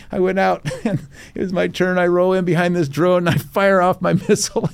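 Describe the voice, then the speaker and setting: Older retired naval officer, podcast guest; lively raconteur, voices others in his stories, slightly high pitch. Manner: animated storyteller, acts out quotes, laughs often. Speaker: retired Navy captain, guest. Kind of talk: storytelling in a podcast interview.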